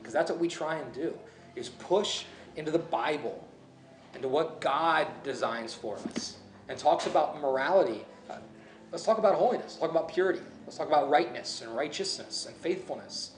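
A man's voice: on the high side, slight background noise. Conversational male pastor in an echoey room. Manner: conversational, musing, self-correcting. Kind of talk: sermon.

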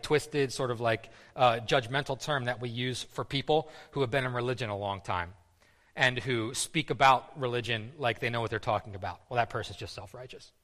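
Preacher, male, mid-pitched, casual sermon delivery with stammered restarts, long hall reverb. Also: fairly bright tone. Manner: conversational, repeats words, many fillers.

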